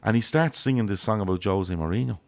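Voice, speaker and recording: Irish male podcast host, low gravelly voice, rambling, sweary, chatty football talk. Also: quick pace. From Ireland. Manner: rambling, swears freely, acts out quotes. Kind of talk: casual football chat.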